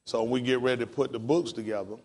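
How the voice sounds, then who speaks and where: A pastor teaching a class in a casual, encouraging way, spelling words out letter by letter. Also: male voice, mid-range voice, steady tone, quick pace, darkish tone, husky.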